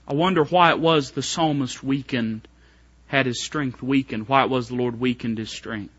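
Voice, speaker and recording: A man preaching a sermon, rising to shouts and dropping to hushed tones. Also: moderate pace, breathy edge. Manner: swings between shouted climaxes and hushed low passages. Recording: muffled lo-fi church recording.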